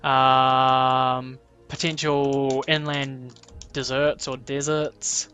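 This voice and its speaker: A man's voice: medium pitch, flat delivery, extremely slow, bright, forceful tone, faint music behind. A man with a New Zealand accent co-hosting a casual livestream, teasing and laughing often, with plenty of ums. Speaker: livestream co-host.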